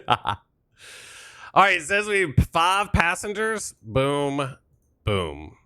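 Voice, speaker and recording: A man's voice: a little high, very animated, slow, pushed and bright, smooth, no echo, clean studio sound. Laid-back joking young man streamer. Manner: jokey, laughs often, thanks viewers. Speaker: flight sim streamer. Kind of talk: casual live-stream chat.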